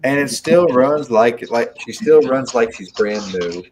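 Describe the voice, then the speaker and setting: A man's voice: mid-range voice, animated, a little slow, a little mellow, slight background noise. A man co-hosting a casual chat, meandering and repeating words as he thinks aloud.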